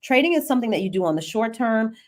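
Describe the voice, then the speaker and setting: Animated middle-aged woman chatting live. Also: on the high side, quick pace. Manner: animated and chatty, laughs often, talks straight to the audience. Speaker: host answering viewer questions. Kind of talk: live-stream Q&A, casual chat.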